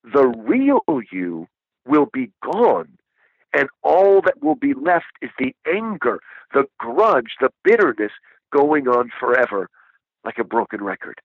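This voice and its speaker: Slow and sing-song, a man's mid-range voice carries his enthusiasm as a guest talking about a book. He speaks animatedly, asks rhetorical questions and often says "right?". The recording is lo-fi, dull and dry, with no echo.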